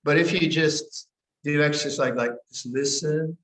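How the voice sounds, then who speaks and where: An older man, a meditation teacher, giving a guided meditation and dharma talk in a gentle, unhurried way, often pausing and restarting his sentences. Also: on the high side. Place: monastery meditation hall. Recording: echoey hall.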